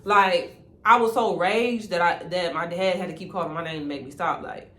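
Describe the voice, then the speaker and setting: A young woman telling a casual storytime vlog, animated, laughing often and talking to viewers as y'all. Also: lowish voice, normal speed. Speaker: vlogger. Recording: echoey room with faint ambient noise.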